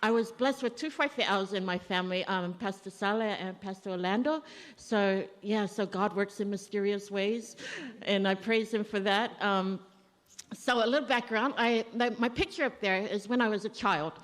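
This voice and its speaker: A woman's voice: mid-range voice, normal speed. A woman speaks at a family funeral in a church, her voice trailing off into a long hall reverb. She talks in a mid-range voice and tells stories about her father in a loose, conversational way, acting out the remembered dialogue. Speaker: daughter giving a eulogy. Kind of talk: eulogy at a family funeral service.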